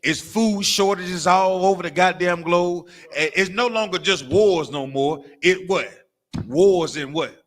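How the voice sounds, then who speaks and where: A man's voice: sits high, a little slow. A man preaching a fiery street-style sermon, swearing freely and firing off rhetorical questions and call-and-response. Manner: animated, mimics crying and barking for laughs. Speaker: preacher of a religious camp.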